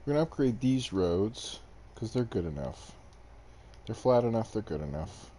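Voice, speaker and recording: A man's voice: fairly low pitch, very animated, normal speed, mellow, a little hiss or hum. A young man streaming gameplay to a desk mic, chatting casually with viewers in a rambling, self-deprecating way. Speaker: game streamer. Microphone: desk microphone.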